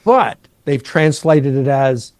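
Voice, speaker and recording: A middle-aged man, a New Testament professor, patiently explaining Greek grammar and slowing down to stress key words. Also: mid-range voice, animated, darkish tone, no echo.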